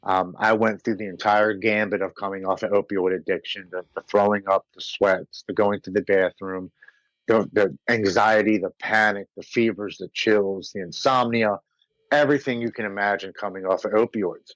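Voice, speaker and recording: A man's voice: lowish voice, fairly even intonation, moderate pace, fairly bright tone, dry recording, low-quality recording. An American man, a podcast guest, telling his recovery story in an earnest, emotional way, sometimes repeating words as he goes. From United States. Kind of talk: personal recovery story told in conversation.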